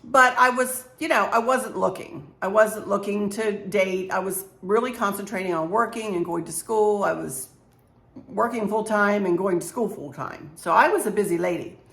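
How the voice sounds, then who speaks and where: Hoarse woman, mid-pitched, chatty storyteller, echoey room. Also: normal speed. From Maryland, US. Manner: rambling, warm storyteller addressing viewers as y'all. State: slightly hoarse. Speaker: craft vlogger. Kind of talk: casual storytelling chat. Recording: roomy echo.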